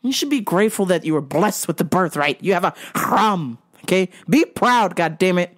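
A woman's voice: on the low side, moderate pace. A woman hosting her own show, delivering a profane comedic rant. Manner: profane, animated ranting. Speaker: vlog host.

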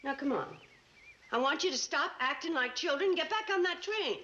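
A patient mother and hotel owner coaxes grown men like children. Her voice is high and lively, with the muffled sound of an old television show. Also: a little fast. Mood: motherly. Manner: coaxing, motherly.

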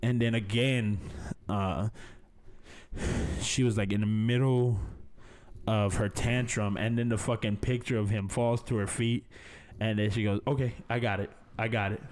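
A man's voice: fairly low pitch, steady tone, measured pace, darkish tone. A young man, hosting a podcast and telling a story in a casual, profane, laid-back way, peppering it with "man" and "baby". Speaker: podcast host.

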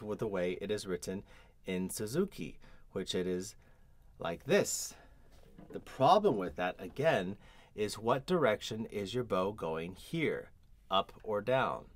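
A man teaching a cello lesson, explaining bowing patterns step by step and pausing to demonstrate. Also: fairly low pitch. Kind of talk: instructional explanation.

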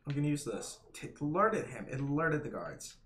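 A man's voice: a little high, sing-song, normal speed, a bit bright. A man streaming a hard game live, swearing and laughing, his voice cracking. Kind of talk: live gameplay commentary.

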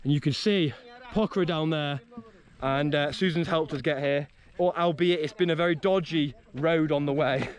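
A man's voice: on the high side, moderate pace. A young man vlogging outdoors in a rural hill village, chatty and friendly, asking lots of curious questions. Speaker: travel vlogger. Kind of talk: casual travel vlog chat.

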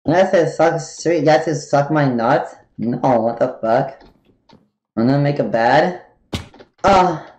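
A man's voice: a little high, takes it slowly. Profane screaming game streamer, man. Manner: loud, profane, erratic screaming and laughing. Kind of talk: live streaming commentary. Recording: roomy, noisy stream audio.

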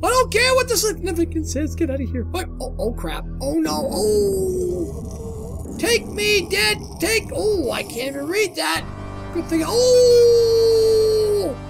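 A man doing jokey, excitable let's play commentary, exclaiming and talking to himself while playing a horror game. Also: very high voice, gravelly. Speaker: gamer doing a playthrough. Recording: game music playing behind. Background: game music.

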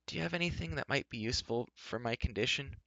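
A man's voice: medium pitch, expressive, normal speed, a bit bright, no echo, dull audio, natural voice. A man voicing Gwistle, a fretful old man who mumbles vaguely and tremulously.

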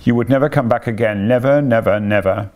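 A man's voice: medium pitch, brisk, a little mellow, close to an everyday voice. A man voicing a sensible, earnest male water rat who speaks emphatically in a read-aloud storybook. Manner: emphatic, impressive.

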